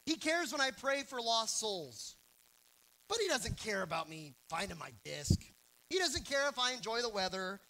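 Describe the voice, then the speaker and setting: Young man, sermon, high lively voice, bright tone, self-deprecating storyteller. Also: rough recording. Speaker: preacher.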